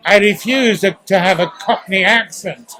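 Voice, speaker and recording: A man's voice: sits high, normal speed, pushed and bright, poor audio. A man in his eighties from the East End of London with a posh English accent, telling stories theatrically in an interview at a restaurant. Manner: theatrical, acts out sounds. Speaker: guest actor. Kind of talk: storytelling interview.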